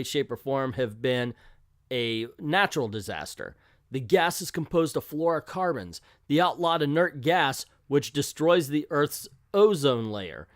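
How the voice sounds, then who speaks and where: A man's voice: a little high, dry recording. Joking male comic reviewer, dry sound. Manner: joking, irreverent, reads captions aloud. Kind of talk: casual comic review commentary.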